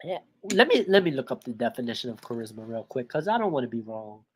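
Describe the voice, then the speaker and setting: Man, host, relaxed, thinking out loud, casual video commentary. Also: mid-range voice, fast talker, slightly rough.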